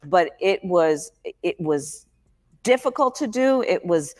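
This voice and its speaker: A woman's voice: lowish voice, takes it slowly. A woman speaking in speech and interview clips, laughing often between remarks. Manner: lively, breaks into laughter often. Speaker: public speaker in archive clips.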